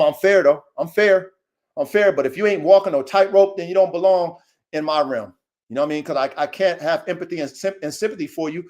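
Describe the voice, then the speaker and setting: High-pitched guy, cussing and preaching, repeats himself a lot, goes quiet then gets loud. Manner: profane, repetitive, preachy, swinging between mutters and loud outbursts. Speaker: dog breeder and vlogger. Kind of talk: casual unscripted monologue.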